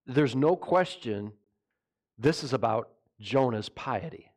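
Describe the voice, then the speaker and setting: A pastor preaching a sermon, animated and mocking, firing rhetorical questions at his listeners. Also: mid-range voice, slow.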